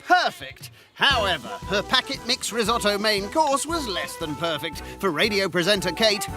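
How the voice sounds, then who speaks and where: A man's voice: high-pitched, very animated, moderate pace. A man narrating a reality cooking show in a scripted voice-over, dry and teasing with sarcastic asides. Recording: voice-over with music behind.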